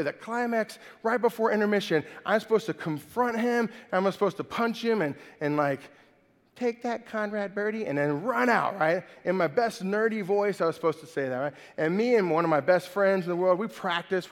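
A man preaching a sermon in a casual, chatty way, tacking "right?" onto his points. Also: high-pitched. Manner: chatty, keeps adding "right?". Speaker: pastor. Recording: long hall reverb.

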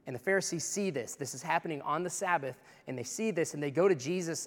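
A man's voice: on the high side, fast, few pauses, long reverb tail. A male pastor preaching a sermon in a church in a conversational, impassioned way.

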